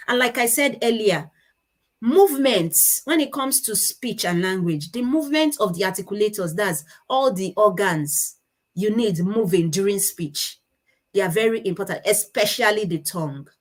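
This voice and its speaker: Using slides, a conference speaker on child speech disorders walks through her points step by step, stopping now and then to correct herself. She talks at normal speed in an expressive, medium-pitched voice.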